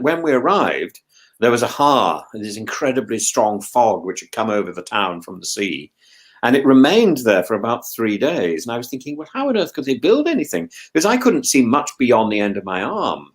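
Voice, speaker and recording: A man's voice: fairly low pitch, sing-song, moderate pace. An older man chatting on a podcast, stumbling over his words with many repeated restarts. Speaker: podcast host. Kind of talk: casual chat.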